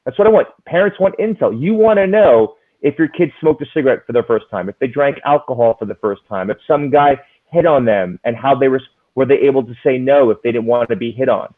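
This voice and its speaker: A man's voice: medium pitch, brisk. A man who is a psychologist, giving earnest advice in casual conversation and explaining with concrete examples. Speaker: psychologist, interview guest. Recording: tinny phone-like line.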